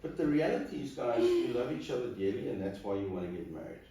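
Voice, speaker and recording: A man officiating a wedding addresses the couple directly beforehand with an earnest pep talk, speaking fast at a medium pitch with lively intonation and a mellow sound. The room echoes, the mic is distant, and faint noise is audible.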